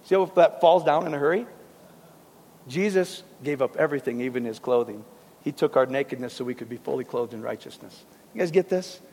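A man preaching a sermon to a congregation, in a conversational, animated way with casual asides. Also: a little high, normal speed, pauses often, long reverb tail, a little hiss or hum.

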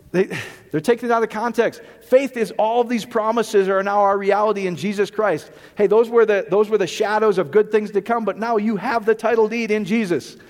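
A man preaching a sermon in an animated, joking way, often asking the room whether they follow him. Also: high voice, big-room sound. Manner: animated, jokey, rhetorical questions. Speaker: pastor.

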